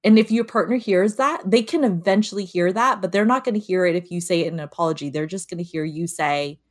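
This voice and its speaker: A woman co-hosting a podcast talks fast in a fairly low voice, casual and animated. She laughs often and acts out her inner voices during the conversation.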